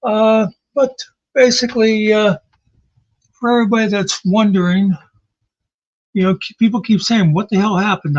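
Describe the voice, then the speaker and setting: A man with a high voice talks slowly and loosely, rambling through a sarcastic recap with the odd swear word. The sound is a bit dull and lo-fi, like a home setup. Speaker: commentary channel host. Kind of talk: casual recap commentary. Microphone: home mic, off camera.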